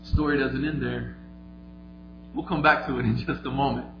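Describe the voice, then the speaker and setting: A man preaching a sermon, retelling a story vividly, moving between quiet and emphatic delivery. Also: medium pitch, steady tone, normal speed, noisy background. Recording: echoey, slightly dull, faint music.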